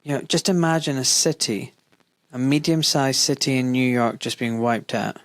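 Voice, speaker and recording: A man's voice: mid-range voice, steady tone, normal speed, no room sound. Impassioned man hosting a podcast. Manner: impassioned, rhetorical, mimics voices of others. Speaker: podcast host. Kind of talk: conversational podcast interview.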